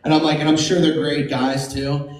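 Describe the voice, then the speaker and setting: A man performing a stand-up comedy set, animated and jumping into silly high voices for his bits. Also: moderate pace, noisy background. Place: comedy club stage. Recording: echoey club from a distance with crowd laughter. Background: audience laughing.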